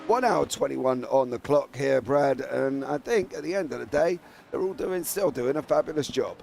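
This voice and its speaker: English man, gravelly, sim race commentator, teasing and excitable. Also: medium pitch, moderate pace, a little hiss or hum. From England. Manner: excitable, teasing, shouts at drivers.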